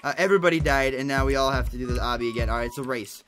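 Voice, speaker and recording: A young man hosting a casual gaming livestream, excitable and chatty, yelping at mishaps and thanking donors aloud. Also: medium pitch, very fast, faint music behind. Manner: excitable, loud yelps, reads donations aloud. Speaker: livestream host.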